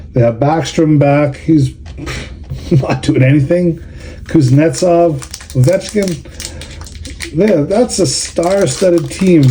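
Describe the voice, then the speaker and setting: Grumbling man, slow and dark-toned. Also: medium pitch. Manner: grumbling, sarcastic complaints. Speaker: card collector and show organizer. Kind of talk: casual vlog, opening cards.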